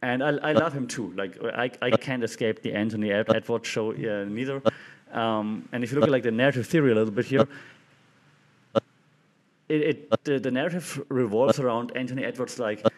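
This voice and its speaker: A man's voice: mid-range voice, fairly quick. A young man hosting a casual commentary show, talking with enthusiasm and acting out quotes in a livelier voice. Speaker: podcast host.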